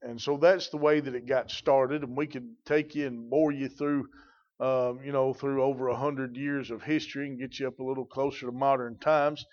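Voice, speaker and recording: A man's voice: medium pitch, flat delivery, normal speed, darkish tone. A man, a pastor preaching a sermon in a folksy, rambling way with many fillers. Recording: dull, lo-fi recording.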